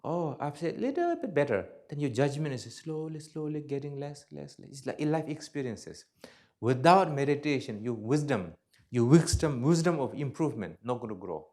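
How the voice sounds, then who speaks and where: A Buddhist teacher gives a dharma talk in broken English, blunt and joking, swinging from loud emphatic bursts to soft asides. His pitch is medium and his speed normal.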